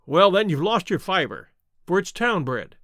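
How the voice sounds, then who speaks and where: A man's voice: high-pitched, very animated, normal speed, fairly bright tone, no echo, clean studio sound. A man doing a blustering, indignant poultry salesman. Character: irritable cockney poultry salesman, stubborn, proud. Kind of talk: audiobook character reading.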